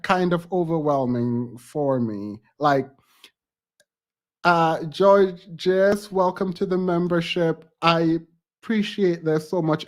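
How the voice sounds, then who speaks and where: A man hosting a live stream, touched and thankful, halting and close to tears as he signs off with casual talk. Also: high-pitched.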